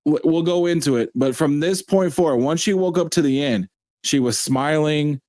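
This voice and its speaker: A man hosting a casual review chat, excitedly retelling scenes and acting out the characters' lines in quoted voices. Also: fairly high pitch, normal speed, dry recording, clean studio sound. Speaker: show host.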